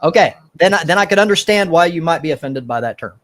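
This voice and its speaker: A man hosts a live-stream debate. He keeps calm and steps in to hold the others in line. His voice sits a little high, and he speaks over a video call. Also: quick pace. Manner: calm, interrupts to restore order. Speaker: host and moderator.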